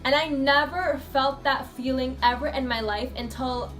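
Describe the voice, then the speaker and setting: A woman's voice: high-pitched, steady tone, moderate pace, a bit bright, soft background music. A woman from the USA telling a personal story in a casual vlog, rambling and chatty, full of fillers. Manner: chatty, rambling, heavy use of filler 'like'. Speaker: vlogger.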